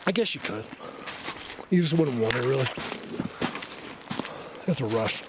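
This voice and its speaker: A man vlogging casually while walking through a snowy forest, rambling and excitable, often laughing and dropping to a hushed voice. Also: medium pitch, unhurried, noisy background. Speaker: vlogger, Bigfoot researcher. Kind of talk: casual hiking vlog.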